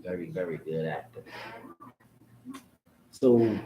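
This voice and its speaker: Animated, swearing man in an echoey room. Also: fairly low pitch, moderate pace, muffled recording. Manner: profane, animated, repeats himself. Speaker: vlogger. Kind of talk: casual rant to camera. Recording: echoey room with faint background noise.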